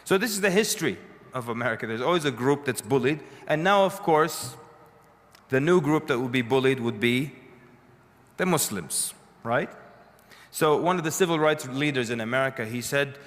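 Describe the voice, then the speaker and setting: A man's voice: mid-range voice, lively intonation, normal speed, fairly bright tone. A man giving a lecture to a live audience, telling stories conversationally with dry humorous asides. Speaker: speaker addressing an audience. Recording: long reverb of a lecture hall.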